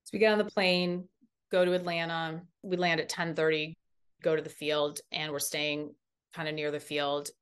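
A woman's voice: deep voice, moderate pace, clear, resonant tone. Chatty woman telling a story. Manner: animated, lots of "like" fillers. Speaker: guest. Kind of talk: casual storytelling.

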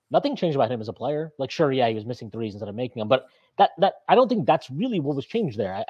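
A man's voice: on the high side, a little mellow, husky, no echo. A man co-hosting a sports podcast, talking in a casual, opinionated rant that keeps restarting and swearing. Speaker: podcast co-host.

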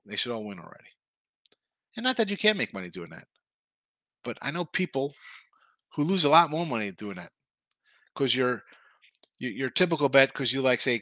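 A man's voice: medium pitch, sharp tone, dry recording. A man hosting a sports betting show, rambling in casual talk and often repeating himself.

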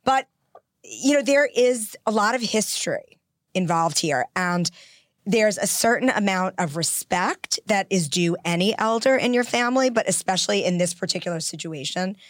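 A woman co-hosting a podcast, giving her opinion with thoughtful, halting restarts. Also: medium pitch, expressive, no echo. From half English. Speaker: podcast co-host. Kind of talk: casual panel chat.

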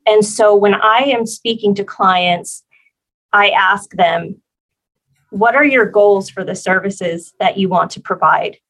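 A woman guest on a podcast interview, explaining her work as a facility planner in a measured way. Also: mid-range voice, a bit bright, poor audio.

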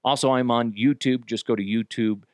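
A man hosting his own podcast alone, venting in a profane, exasperated rant that jumps into sudden yelling. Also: medium pitch, fairly even intonation, a little fast, dry recording, studio quality. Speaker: podcast host. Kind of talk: solo ranting podcast.

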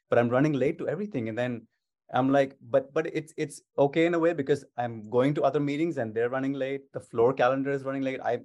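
A man's voice: mid-range voice, darkish tone. A man, a state legislator, answering interview questions over a video call in an upbeat, eager way, with many restarts.

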